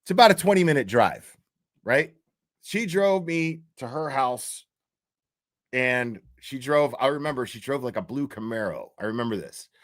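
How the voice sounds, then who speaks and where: A man's voice: medium pitch, expressive, normal speed. A man in his fifties telling a story casually, rambling and swearing, often tossing in "right?" to the listener. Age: 50s. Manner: profane, rambling, keeps checking in with "right?".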